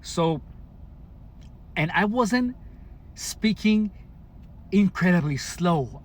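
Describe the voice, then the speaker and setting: A man's voice: a little high, a little hiss or hum. A man from Mexicali speaking casually to camera, recounting his own experiences with frequent restarts and careful enunciation. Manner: halting, many restarts and fillers, deliberate enunciation. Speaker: vlogger. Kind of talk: casual personal account to camera.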